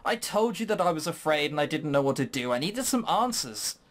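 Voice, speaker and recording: A player reading a visual novel aloud, voicing a frightened young woman in a high, pleading tone. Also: very animated, brisk, lightly acted. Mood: anxious.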